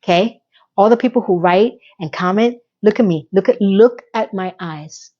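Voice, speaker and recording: A woman recapping a TV episode in an animated, exasperated rant, sarcastic and talking straight to her viewers, a little hoarse from losing her voice. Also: mid-range voice, moderate pace, highs cut off. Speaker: TV recap vlogger.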